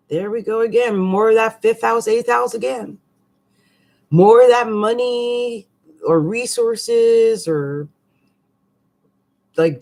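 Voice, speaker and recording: Running through the month's forecast, this female astrologer keeps it casual, chatty, and animated, tossing in slangy asides and laughing often. She speaks at a medium pitch.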